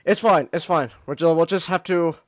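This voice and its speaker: A man's voice: a little high, normal speed, no echo. A man streaming a game, chatting casually and yelping and laughing as he plays. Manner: excitable, yelps and laughs at the game. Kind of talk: casual gaming stream chat.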